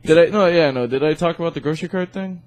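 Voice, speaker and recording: A man's voice: fairly high pitch, quick pace. A young man co-hosting a podcast, telling rambling stories full of fillers and swearing in casual chat. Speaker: podcast co-host.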